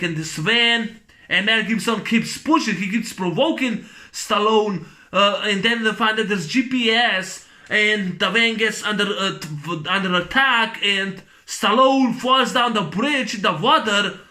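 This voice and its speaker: A man's voice: sits high, bright, forceful tone. A man with giving a profane, rambling movie rant, full of fillers and restarts. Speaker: movie reviewer.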